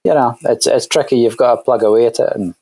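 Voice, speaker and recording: A Scottish man talks casually as an interview guest, pausing often with fillers and restarting his sentences. His voice sits at an ordinary pitch, and the recording is dry with no room echo. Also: creaky, warm tone, husky. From Scotland. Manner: hesitant, many fillers and restarts. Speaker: guest musician.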